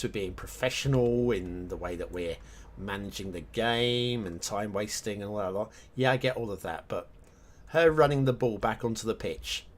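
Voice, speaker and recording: A man chatting casually on a live game stream, rambling between topics and humming to himself as he works. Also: fairly low pitch. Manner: rambling, hums and mutters to himself while working. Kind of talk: casual live-stream chat while map making.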